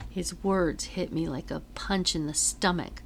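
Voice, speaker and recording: A woman teacher reading a novel aloud to her class in a measured storytelling voice with dramatic emphasis. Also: lowish voice, gravelly, a little hiss or hum.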